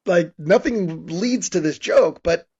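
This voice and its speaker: A man's voice: high voice, takes it slowly, a little mellow, breathy edge. Podcast host, male, slightly raised voice, rambling casual recap, muffled lo-fi sound. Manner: rambling recap with frequent restarts and laughs. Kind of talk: casual movie recap chat.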